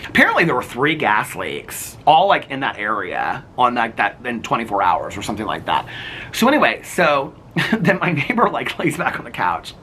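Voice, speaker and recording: Vlogging with a handheld camera outdoors in his neighborhood, a man tells animated, gossipy stories and laughs often. His voice is mid-range, with a little hiss or hum in this casual outdoor vlog chat.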